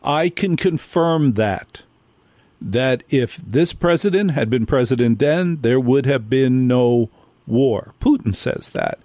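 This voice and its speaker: A man's voice: mid-range voice, a little slow, dark tone, no room sound. A male radio host delivering a talk monologue, hammering his points with repetition. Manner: emphatic, repeats key points again and again.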